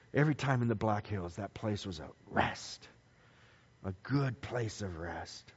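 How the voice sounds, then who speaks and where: A man preaching a sermon as a pastor, telling stories and building emphasis through repetition. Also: a little high. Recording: dull lo-fi recording with long hall reverb.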